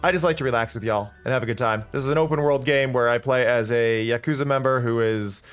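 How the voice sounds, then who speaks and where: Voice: mid-range voice, fairly even intonation, quick pace, smooth, soft background music. A VTuber streamer chatting casually and cheerfully while playing a game, laughing often.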